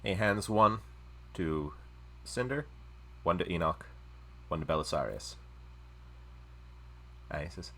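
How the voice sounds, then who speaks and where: A man narrating scenes as game master of a live-streamed tabletop game, in a lively descriptive way. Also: low-pitched, slow, pauses often, slight background noise.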